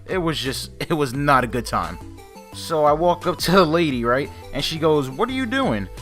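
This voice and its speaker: A young man tells a story to his viewers in a casual, animated way. He swears freely and pokes fun at himself, in a slightly high voice. Faint music plays behind him. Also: normal speed. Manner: animated, profane, self-mocking. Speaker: vlogger.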